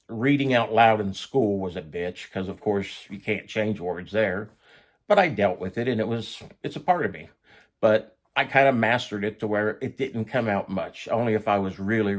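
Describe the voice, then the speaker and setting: A man casually telling a story about his own past, blunt and profane in a conversational way. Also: on the low side.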